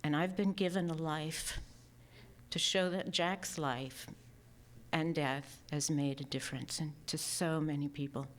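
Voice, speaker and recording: A woman giving a personal remembrance speech at a memorial, speaking softly and emotionally, sometimes dropping to a whisper. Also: deep voice, steady tone, measured pace. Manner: soft and emotional, partly whispered.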